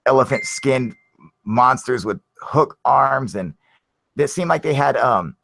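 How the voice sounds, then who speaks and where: A man's voice: mid-range voice, slow pace, creaky. A man hosting a live stream, telling a story casually in a rambling way, full of fillers and the odd curse word. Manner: rambling, filler-heavy, animated retelling with casual swearing. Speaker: channel host.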